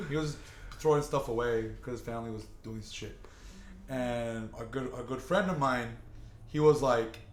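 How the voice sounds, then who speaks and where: A man's voice: medium pitch, normal speed. Rambling young man telling a story. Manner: rambling, profane, self-interrupting. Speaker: podcast host. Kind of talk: casual storytelling among friends. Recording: echoey room, faint ambience.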